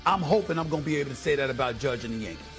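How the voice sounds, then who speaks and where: A man's voice: medium pitch, expressive, rapid-fire, a bit bright, faint music behind. A man hosting a studio sports debate, speaking emphatically and repeating phrases for stress.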